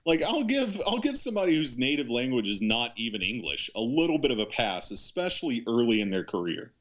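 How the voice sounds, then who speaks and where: A man's voice: medium pitch, big pitch swings, fairly quick, a bit bright. A man co-hosting a podcast, making analytical, argumentative points about films in casual chat. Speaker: podcast co-host. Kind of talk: casual movie review chat.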